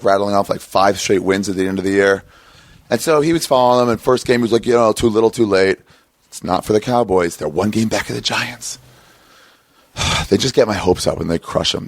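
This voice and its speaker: A man in his thirties hosting a podcast, rambling and swearing as he tells an animated story in casual chat. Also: lowish voice, dry recording. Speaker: podcast host. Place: outdoor patio by a street.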